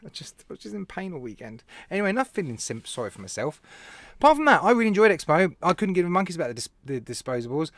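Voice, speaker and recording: A man with a British accent hosting a casual live stream, telling stories in an animated way, laughing and talking to viewers by name. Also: fairly high pitch, rapid-fire, dry recording. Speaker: live show host, vape reviewer.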